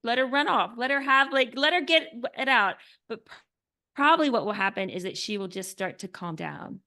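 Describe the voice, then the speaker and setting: A woman author talking earnestly as a podcast guest, often filling with "like" and dropping to a soft hush when describing calm. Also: on the high side, fairly quick. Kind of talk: podcast interview.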